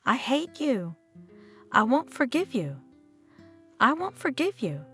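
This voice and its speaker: Woman doing an enraged cheated-on wife, high and swingy, yelling at him. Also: big pitch swings, measured pace, faint music behind. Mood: furious. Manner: shouting, indignant outbursts. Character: furious betrayed wife, young adult woman.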